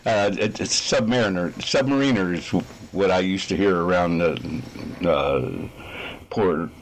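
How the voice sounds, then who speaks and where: A man's voice: low-pitched, unhurried, slight background noise, low-quality recording. A man co-hosting a podcast in casual chat, answering briefly in a laid-back way. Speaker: podcast co-host.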